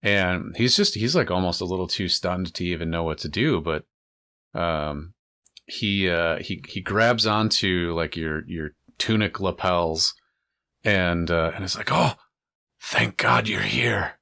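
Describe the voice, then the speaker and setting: Laid-back low-voiced game master. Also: male voice, measured pace, bright, forceful tone. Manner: laid-back, rambling with fillers. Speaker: dungeon master. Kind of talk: narrating a tabletop game.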